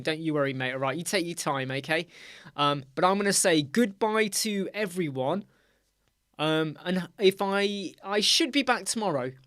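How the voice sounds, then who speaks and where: A man's voice: a little high, fairly bright tone, clear, resonant tone, no room sound, studio quality. A middle-aged man with a British accent hosting a casual live chat, talking to viewers by name in a chatty, teasing way. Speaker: livestream host.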